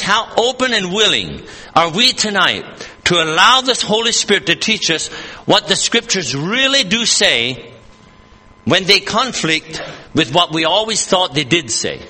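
A man's voice: fairly high pitch, bright, forceful tone, in a large hall. A man preaching a sermon at an evening church service, earnest and emphatic, repeating and rephrasing his points as he reads scripture aloud.

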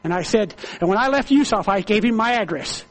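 A man's voice: sits high, animated, brisk. A middle-aged man, a prison minister, telling a testimony sermon with fervent, emotional storytelling and repeated phrases.

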